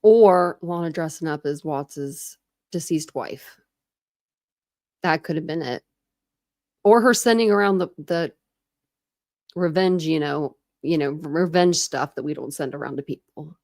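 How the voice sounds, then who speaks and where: A woman's voice: sits low, unhurried, pauses often, a little mellow, no room sound, studio quality. A woman from Ohio hosting a casual true crime live stream, rambling, laughing often and answering chat comments. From Ohio, USA.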